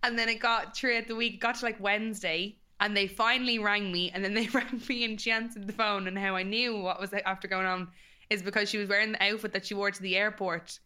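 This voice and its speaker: A young Irish woman hosting a podcast, telling a story in rapid, chatty casual talk. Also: medium pitch, fairly even intonation, sharp tone, clean tone. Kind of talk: casual chat.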